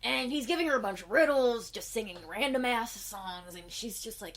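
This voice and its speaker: A woman hosting a cosplay comedy recap of a film, rambling crudely with constant swearing and putting on quick voices for the characters. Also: on the high side, lively intonation, fairly bright tone.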